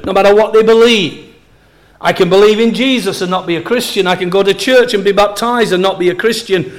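A man preaching a sermon as pastor, stressing and repeating key phrases slowly. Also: sits high.

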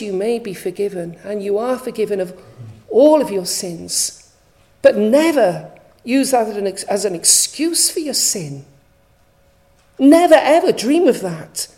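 A woman's voice: medium pitch, warm tone, poor audio. A woman preaching a sermon, reading scripture aloud with earnest emphasis and rhetorical questions.

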